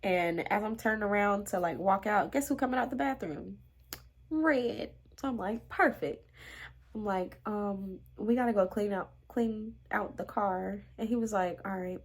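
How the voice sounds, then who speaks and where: Young woman, storytime vlogger, dramatic and chatty, whispers for emphasis, mid-pitched. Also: normal speed. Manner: animated, dramatic, drops to hushed whispers for emphasis; talks straight to viewers, slangy and exasperated. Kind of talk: casual storytelling to viewers.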